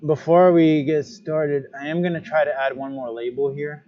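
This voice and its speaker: A man's voice: a little high, fairly even intonation, normal speed, lo-fi sound. A man chatting casually during his own live stream as a glassblower, thinking aloud while he adjusts his stream settings. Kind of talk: casual livestream chat.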